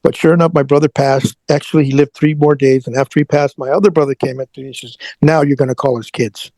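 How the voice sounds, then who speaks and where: A man's voice: medium pitch, fairly even intonation, quick pace, warm tone, no echo. A man who is a guest on an interview show, telling a personal story earnestly and often repeating his words.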